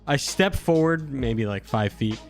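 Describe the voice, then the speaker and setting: A man's voice: mid-range voice, lively intonation, measured pace, faint music behind. A young man playing a tabletop game, describing his character's actions animatedly between laughs. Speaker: player.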